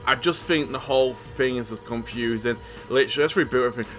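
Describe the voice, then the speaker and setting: A man rants about films in a casual vlog, his bright, sharp voice stumbling over restarts. He sounds exasperated and swears freely, with faint music playing behind him. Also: mid-range voice, fast, hardly any pauses. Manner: exasperated, stammering, swears often. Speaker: horror movie reviewer.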